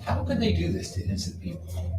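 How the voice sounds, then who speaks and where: A man hosting a vlog, telling stories in a wry, animated way. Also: fairly high pitch, fast talker, heavy background noise. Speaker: vlog host. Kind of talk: casual storytelling vlog.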